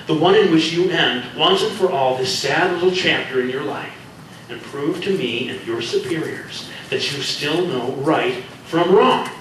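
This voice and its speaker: A man's voice: pushed and bright, a little hiss or hum. A man doing a stern scolding young woman. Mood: scornful. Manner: lecturing, scornful, rising to shrill. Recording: echoey room from far off.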